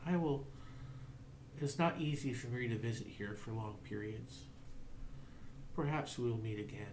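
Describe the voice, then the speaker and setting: A man voicing a calm, solemn male elf envoy who speaks in a measured, formal way. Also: mid-range voice, a little hiss or hum, natural voice. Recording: roomy echo.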